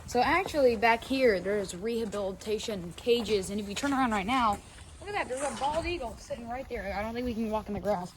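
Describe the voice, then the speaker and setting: A woman's voice: a little high, animated, a little fast, background noise. A young woman with a Southern US accent hosting a casual outdoor vlog by a lake, chatty and rambling with lots of fillers. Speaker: vlog host. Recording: loud music underneath.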